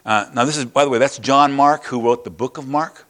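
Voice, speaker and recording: A man's voice: medium pitch, fairly quick. Older man, pastor, sermon storytelling, acts out voices, chuckles, casual delivery. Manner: lively, acts out the scenes with quoted voices and chuckles.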